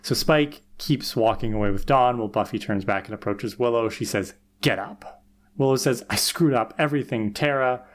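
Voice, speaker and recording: A man with an everyday middle-range voice runs through a story scene by scene. He is a podcast co-host, dry and wry in his asides, keeping the chat loose and casual. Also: medium pitch. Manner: wry, quick plot retelling.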